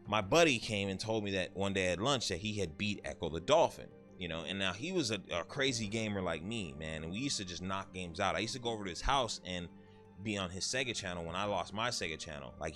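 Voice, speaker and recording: A man in his thirties chatting casually about games he beat, telling stories in an animated way with some swearing. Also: low-pitched. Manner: animated storytelling, swearing, quick asides. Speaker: gaming YouTuber. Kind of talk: casual game review chat.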